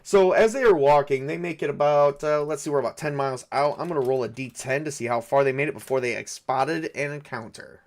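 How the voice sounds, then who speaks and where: A man's voice: on the high side, brisk, hardly any pauses. A man narrating a solo tabletop game, thinking aloud with frequent hesitations and fillers. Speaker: game master and solo player.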